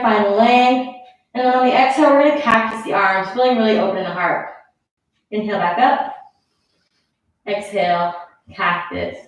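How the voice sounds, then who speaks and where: A woman leading a yoga class, out of breath as she gives casual, encouraging cues and counts down the breaths. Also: mid-range voice. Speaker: yoga instructor. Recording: very echoey room, mic far off.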